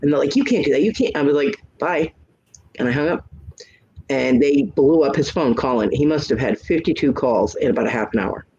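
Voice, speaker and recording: A man with a husky, slightly rough voice tells a personal story in relaxed chat. He is blunt and outspoken and slips into the other person's voice for each quoted line. The sound is a bit muffled, like a lo-fi online voice call. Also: medium pitch, moderate pace. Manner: blunt, frank storyteller who acts out both sides of quoted arguments. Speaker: hangout host.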